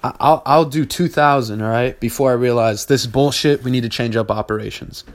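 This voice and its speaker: A man's voice: medium pitch, brisk. A man hosting a solo business podcast, talking in a blunt, heavily profane and mocking way. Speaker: business owner and podcast host.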